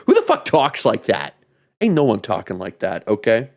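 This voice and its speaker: A man's voice: medium pitch, huge pitch swings, unhurried. A man streaming a horror game, joking and swearing as he reads the game text aloud. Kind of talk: casual game commentary.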